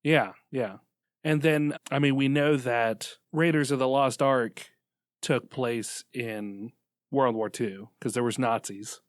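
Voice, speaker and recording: A man's voice: mid-range voice, slow pace, no echo, studio quality. A man co-hosting a podcast, chatting casually, laughing often and playfully blunt. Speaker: podcast co-host. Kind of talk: casual banter.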